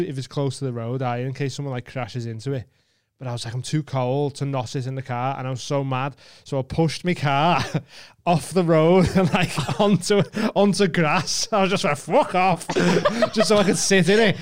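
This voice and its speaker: A man's voice: fairly high pitch, clean tone, no room sound, studio quality. A man co-hosting a podcast, telling a story in casual chat with plenty of swearing. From England. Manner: swearing, animated anecdote with laughs. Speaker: podcast co-host.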